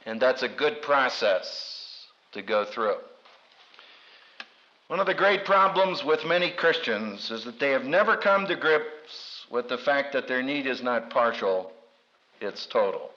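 A man's voice: lively intonation, unhurried, pushed and bright. A man preaching a sermon with dramatic delivery and humorous asides, acting out quoted voices. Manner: dramatic, acts out quoted voices with big pitch swings. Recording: dull lo-fi recording.

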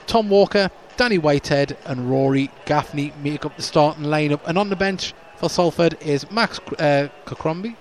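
A man's voice: fairly high pitch, normal speed, few pauses, slight background noise. A man hosting a club podcast, giving chatty pre-match commentary from a stadium stand and stumbling a little over names.

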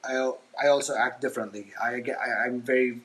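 A man's voice: mid-range voice, steady tone, brisk, fairly bright tone, low-quality recording. A man hosting a casual solo podcast from his kitchen while he washes dishes, talking hesitantly and self-consciously with many ums and restarts. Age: adult father. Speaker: podcast host. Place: home kitchen, washing dishes.

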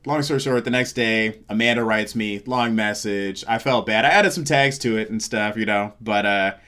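A man's voice: on the low side, moderate pace, clean tone. A man who is a comedian, telling a story in casual chat and acting out the lines of the people in it. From Seattle, USA. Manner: animated, acts out quoted lines.

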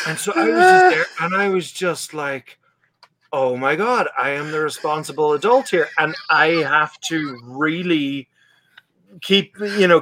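A young man in casual chat, telling a story with animated asides and acting out what he said back then. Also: on the high side. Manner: animated storyteller, acts out his own past lines. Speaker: podcast guest.

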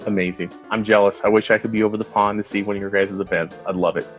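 A man's voice: lowish voice, fast, faint music behind, low-quality recording. A man from the United States, a guest on a podcast, telling stories animatedly and acting out quotes. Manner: animated storyteller who acts out quotes. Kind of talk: casual chat.

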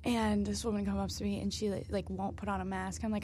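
A woman's voice: mid-range voice, quick pace, a little hiss or hum. A young woman in her twenties chatting casually and animatedly telling work stories. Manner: animated storytelling, acts out angry customers. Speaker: podcast host. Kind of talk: casual chat.

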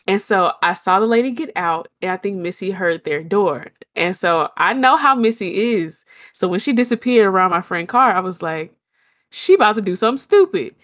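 A young woman, telling a long story in casual chat and acting out her own shouts. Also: mid-range voice, moderate pace.

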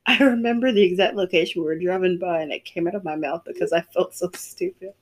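A woman's voice: lowish voice, fast, slight background noise. A young woman chatting casually and reading funny stories aloud, laughing often and teasing her friend.

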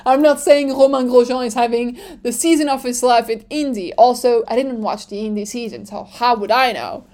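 A woman with a French accent hosts a casual podcast, chatty and animated, with plenty of likes and ums. Her voice sits a bit higher than most women's. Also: moderate pace. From France. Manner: chatty and animated, many fillers, laughs often. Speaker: podcast host. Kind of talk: casual chat.

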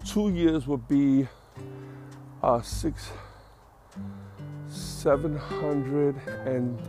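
A man's voice: mid-range voice, drawn-out words, over music. A man hosting his own podcast in casual solo chat, rambling and correcting himself, a little out of breath. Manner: rambling, self-correcting, chatty. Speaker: podcast host.

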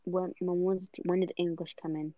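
A woman's voice: on the low side, level tone, normal speed, no echo, narrow, tinny audio. A young woman whose first language is Spanish, chatting with friends and telling stories full of fillers. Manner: chatty storyteller, filler-heavy. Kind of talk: casual chat among friends.

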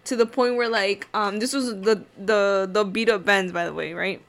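A woman's voice: medium pitch, steady tone, moderate pace, fairly bright tone. A woman chatting casually as a podcast guest, telling a story with lots of fillers and swearing. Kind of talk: casual chat.

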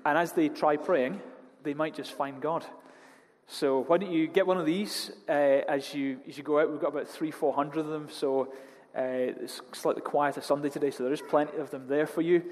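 A man preaching a sermon, telling jokey stories with animated delivery. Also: fairly high pitch, moderate pace. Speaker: pastor. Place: church hall. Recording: long hall reverb.

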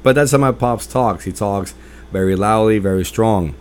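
A man hosting a podcast, telling personal stories in a loud, emphatic, rambling way. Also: on the low side, normal speed, smooth. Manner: rambling with restarts and fillers. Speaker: podcast host. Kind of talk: casual personal storytelling monologue.

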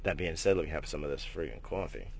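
A man hosting a casual morning vlog, rambling and swearing, jumping between loud bursts and low mutters. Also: fast talker, creaky, a little hiss or hum. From United States. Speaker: morning stream host.

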